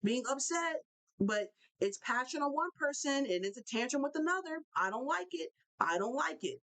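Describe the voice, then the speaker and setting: A young woman hosting a live basketball talk show, ranting in an animated way and repeating herself for emphasis. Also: sits high, normal speed, rough recording. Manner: animated, repetitive, fired-up ranting. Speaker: show host.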